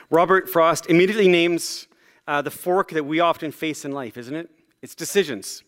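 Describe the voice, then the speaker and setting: Pastor guy preaching, kinda high voice, super casual and chatty, lots of ums, pokes fun at himself. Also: moderate pace, fairly bright tone. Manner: conversational and self-deprecating, with many fillers. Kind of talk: sermon.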